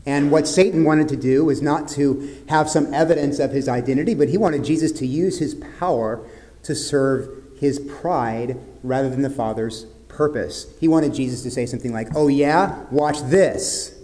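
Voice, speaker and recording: A man preaching a sermon as pastor, in an earnest way that drops to soft, grave tones. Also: medium pitch, moderate pace.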